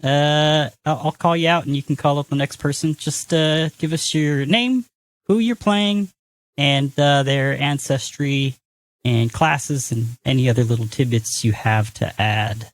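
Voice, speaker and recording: A man's voice: medium pitch, measured pace. Crude joking game-master man. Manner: crude, joking, loose with swearing. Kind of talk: casual tabletop podcast chat.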